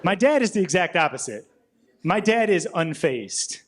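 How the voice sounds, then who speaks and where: A young man doing a stand-up comedy set in a club, telling stories deadpan and acting out the other people with quick voice shifts. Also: high-pitched. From Rockford, Illinois. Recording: live club recording with audience noise. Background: audience laughter.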